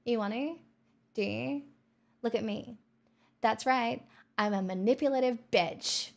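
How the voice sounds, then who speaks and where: Woman streamer, casual chat, fairly high voice, playful mock-bragging, swears freely. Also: unhurried, vocal fry, darkish tone. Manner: playful, mock-boastful banter with frequent swearing and laughter. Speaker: livestreamer reading chat.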